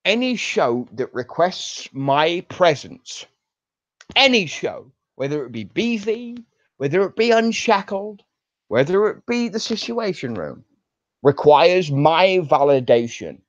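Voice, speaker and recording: Furious man ranting slowly, swinging pitch. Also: very animated, no room sound. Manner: furious, profane, drawn-out emphatic delivery. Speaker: online show personality. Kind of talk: angry ranting monologue. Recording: dull lo-fi dry recording.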